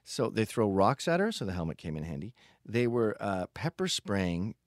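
Low-voiced guy rambling on his podcast, swears a lot, dry sound. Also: sing-song, moderate pace, no room sound. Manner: blunt, profane, digressive. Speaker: podcast host. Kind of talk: casual monologue.

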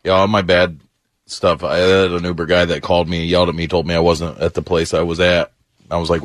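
Male co-host, very low voice, fast talker, quick interjections. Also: little pitch movement, no echo, studio quality. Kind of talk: casual banter.

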